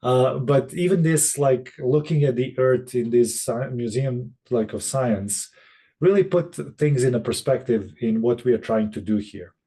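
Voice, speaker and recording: Guy on a video call, mellow low-key voice, lots of uh and restarts, thinking out loud. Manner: halting, many restarts and fillers. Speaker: session facilitator. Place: room in Boston.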